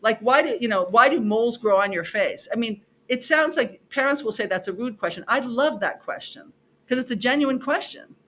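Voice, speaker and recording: A middle-aged woman speaks as a podcast guest in a clear, bright voice. She tells stories about her classes with lively expression, slips into her students' voices and repeats lines for emphasis. A faint hiss of noise sits under her words. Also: fairly high pitch, moderate pace. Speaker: podcast guest, psychology professor. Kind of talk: animated conversational storytelling.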